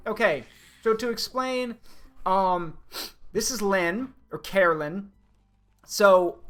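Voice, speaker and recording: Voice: mid-range voice, a bit bright. A streamer explaining a story game's characters in a loose, rambling way, with plenty of fillers. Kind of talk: casual game commentary.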